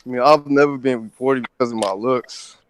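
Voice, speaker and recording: A man calling in to a live stream, speaking casually in plain, halting sentences. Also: mid-range voice, steady tone. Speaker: caller. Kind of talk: casual call-in chat.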